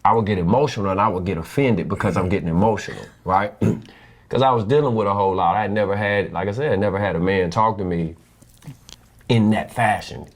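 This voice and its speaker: A man's voice: fairly low pitch, a little fast. A young man earnestly telling a personal story about his marriage, acting out the people he quotes. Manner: earnest, animated, quotes people in changed voices. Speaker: husband sharing his story.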